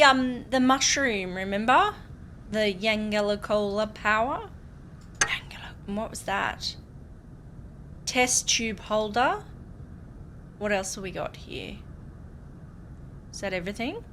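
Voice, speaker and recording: Young Aussie streamer, bubbly and giggly, slow relaxed chat, faint hum behind. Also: female voice, a little high. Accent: Australian. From Australia. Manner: bubbly, giggly, chatty with viewers. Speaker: game streamer. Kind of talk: casual let's-play chat.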